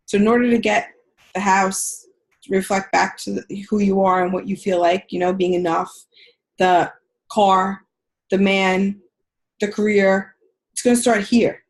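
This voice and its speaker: On a group video call, a woman coaches a caller, speaking frankly and directly and swearing casually. Her mid-range voice stays fairly even and unhurried.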